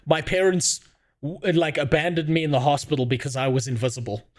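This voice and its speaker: A man's voice: fairly high pitch, brisk, lightly acted. A man putting on a complaining invisible man's voice, close to his own, while telling a story.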